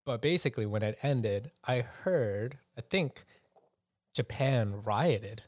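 A man's voice: mid-range voice, lively intonation, slow, a little mellow, dry recording. A man chatting casually on a podcast, rambling and hedging as he tells stories, with some swearing. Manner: rambling, hedging, profane storyteller. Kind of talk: casual chat.

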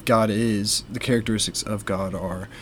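Young guy cohosting a faith podcast, lowish voice, slow and careful with lots of ums, bit of hiss behind. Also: fairly even intonation, fairly bright tone. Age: young adult. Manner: measured, with many fillers. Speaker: podcast co-host. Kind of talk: casual faith discussion.

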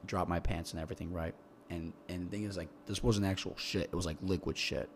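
A man's voice: low voice, quick pace, slight background noise. Profane young man telling a rambling story. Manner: profane, rambling, repeats words when excited. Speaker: podcast guest. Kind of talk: casual storytelling.

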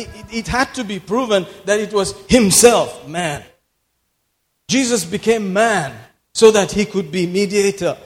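A man preaching a sermon in a church, emphatic, repeating phrases for effect and laughing often. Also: sits high. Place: church hall. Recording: long hall reverb.

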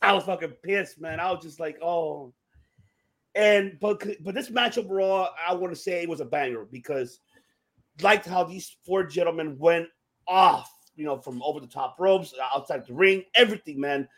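Excitable, swearing man, high voice. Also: moderate pace. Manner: profane, excitable, shouts in frustration. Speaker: podcast co-host. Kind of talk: casual wrestling chat.

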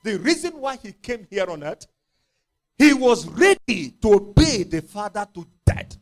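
A man's voice: high voice, sing-song, measured pace. A male preacher, giving an impassioned sermon and acting out the scripture scenes in voices.

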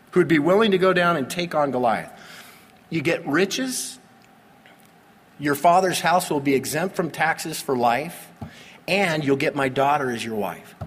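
A man preaching a sermon, pastor at the pulpit, animated with sudden loud emphasis. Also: a little high, husky, big-room sound.

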